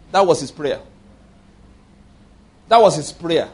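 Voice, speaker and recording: A Nigerian man in his fifties preaches with a husky, slightly raised voice. He presses every point hard and keeps asking his listeners if they get it. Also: fairly high pitch, moderate pace, pauses often, darkish tone. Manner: emphatic, keeps checking the congregation understands. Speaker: pastor. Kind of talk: sermon.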